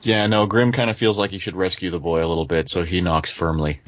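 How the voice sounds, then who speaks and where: A man chatting casually as a player at a tabletop game, in a relaxed, offhand way. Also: sits low, fast talker, dry recording, highs cut off.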